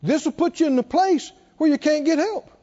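A man preaches a sermon with great emphasis, repeating and stressing words as his very high, dark-toned voice climbs and plunges sharply at a fairly quick pace. The recording is dull and lo-fi, in a reverberant hall.

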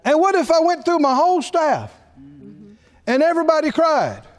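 A man's voice: very high voice, wildly swooping pitch, moderate pace. A man preaching a sermon, telling stories with animation, laughing at his own jokes and acting out the voices he quotes. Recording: reverberant hall.

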